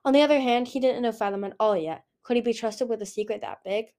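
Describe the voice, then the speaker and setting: A woman's voice: on the high side, fast talker, darkish tone. A woman narrating a fantasy novel chapter as a fan audiobook, reading steadily and often correcting herself. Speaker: audiobook reader.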